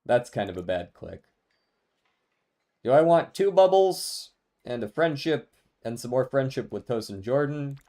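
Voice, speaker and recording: A man's voice: mid-range voice, expressive, unhurried, long pauses, dark tone. A man streaming a game, chatting casually with his viewers, laughing often and musing aloud. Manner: laid-back, laughs often, talks to chat. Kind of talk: casual live-stream chat while gaming.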